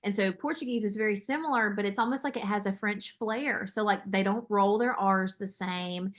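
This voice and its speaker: A woman from the United States, a podcast guest, talking in an animated, casual way and laughing often. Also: medium pitch, normal speed. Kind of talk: casual chat.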